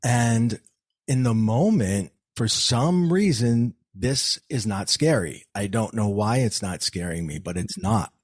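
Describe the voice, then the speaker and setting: A man's voice: fairly low pitch, lively intonation, takes it slowly, dry recording. A man telling his own story as a podcast guest, in an earnest way with frequent restarts and fillers. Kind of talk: personal storytelling in an interview.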